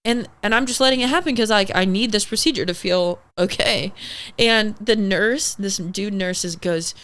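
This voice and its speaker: A young woman talks on a podcast at a medium pitch, animated and loose. She swears freely and acts out the lines of people in her story. It sounds like relaxed conversation rather than anything scripted. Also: normal speed. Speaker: podcast guest. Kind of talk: casual storytelling interview.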